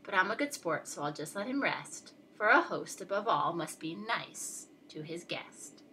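A woman voicing a kindly, patient big male moose in a storybook read-aloud, speaking in a gentle, polite way. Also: lowish voice, animated, normal speed, slight background noise, poor audio. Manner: gentle, polite and long-suffering.

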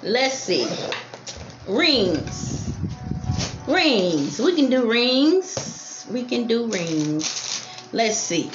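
Woman, jewelry seller on a live stream, slightly high voice, repeats item numbers and calls each piece lovely. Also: very animated, very slow, pauses often. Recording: roomy lo-fi stream with faint music.

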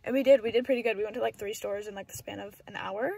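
A woman's voice: medium pitch, steady tone, fast talker, gravelly, dark tone, slightly rough, no echo. A teenage girl, chatting in a rambling, filler-heavy way while vlogging into her phone from her car. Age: teens. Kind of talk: casual vlog chat. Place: inside a parked car. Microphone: phone camera.

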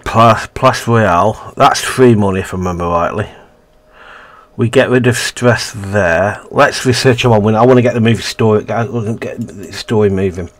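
A man's voice: on the low side, moderate pace. A man casually reading a narrative game's text aloud and commenting, often stumbling and correcting himself. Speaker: let's-play gamer.

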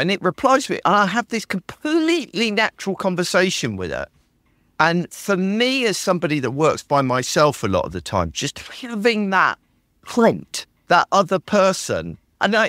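A man's voice: medium pitch, dry recording. A British man hosting a podcast, chatting with enthusiasm and acting out the prompts he types to his tools. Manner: enthusiastic, animated, acts out his own typed prompts. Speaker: podcast host. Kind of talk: casual chat.

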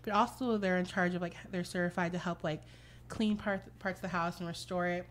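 A young woman, a podcast guest, telling an animated story in casual chat, laughing often and swearing freely. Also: fairly low pitch, brisk, slight background noise.

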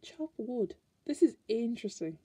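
A woman's voice: on the high side, very animated, moderate pace, mellow, slightly rough, dry recording. An Irish woman chatting casually as she flips through a card deck, musing aloud and restarting her sentences. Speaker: tarot card reviewer.

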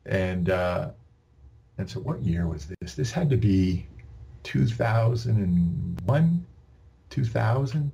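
A fairly low, slow voice with vocal fry belongs to this Canadian-born podcast guest, who tells long, casual, rambling stories packed with restarts and animated quoted dialogue.

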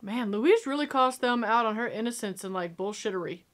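A sassy young woman gives excited reaction commentary on a movie. Her voice is high, bright and very lively. A little noise sits behind her. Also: fairly quick. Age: young adult. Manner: sassy, excitable, talks back to the screen.

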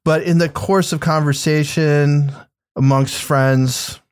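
A man's voice: fairly high pitch, steady tone, slow pace, smooth, no room sound. Guy on a podcast, easygoing, pokes fun at himself, dry mic. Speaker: podcast co-host. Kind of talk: casual chat.

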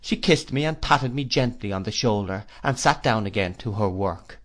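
In a lowish voice, a man performs an audiobook reading of a classic novel, his narration measured and full of expression.

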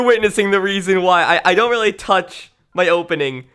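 A man's voice: fairly high pitch, expressive, moderate pace, bright, forceful tone, smooth. A young man casually streaming a game, tired with a worn voice, loopy and rambling, laughing often.

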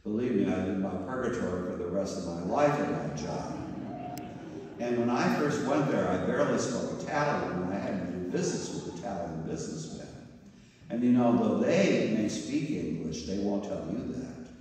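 Older priest preaching in an echoey church. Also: male voice, fairly low pitch, expressive, normal speed, a little mellow. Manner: storytelling, mimics voices and groans for humor. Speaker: priest giving a parish mission. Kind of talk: sermon with personal anecdotes. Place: large church. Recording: echoey church hall from far off.

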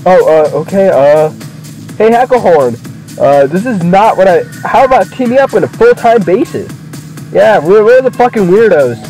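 A man's voice: high-pitched, animated, normal speed, mellow, poor audio. A man giving casual, rambling, profanity-filled commentary while playing a wrestling game. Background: game music.

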